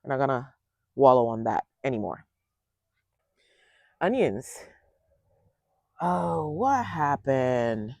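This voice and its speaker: Guy with a gravelly voice chatting thru his backyard garden tour, talking right to viewers, dry close sound. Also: mid-range voice, very animated, takes it slowly, pauses often, a little mellow, no echo. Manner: chatty, talks straight to viewers and thinks aloud. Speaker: home gardener giving a tour. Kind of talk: casual garden tour vlog.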